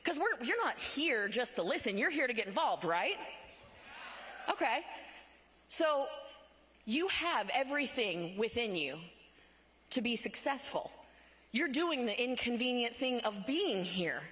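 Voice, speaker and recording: The long reverb of a large conference hall wraps around a woman giving a motivational speech as a conference speaker. Her fairly high, slightly bright voice is very animated yet measured in pace with long pauses, and she speaks in short, punchy phrases, often checking in with a rhetorical "right?".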